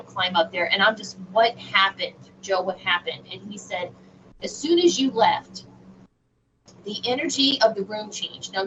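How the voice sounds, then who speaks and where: A woman guest on a radio show, telling a personal story in an animated, halting way with many fillers. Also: medium pitch. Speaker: guest medium. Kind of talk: casual storytelling in a radio interview. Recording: distant, dull lo-fi sound with faint noise.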